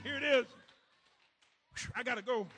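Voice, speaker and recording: A man preaching a sermon in call-and-response style, swinging from shouted lines to soft asides, with a gravelly voice. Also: extremely high pitch, normal speed, soft background music. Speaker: pastor.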